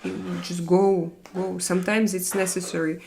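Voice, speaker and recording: A woman's voice: lowish voice, little pitch movement, moderate pace, creaky, darkish tone, a little hiss or hum. A woman in her forties with a Russian accent, hosting a casual live stream and chatting with viewers, speaking non-native English with many fillers and restarts. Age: 40s.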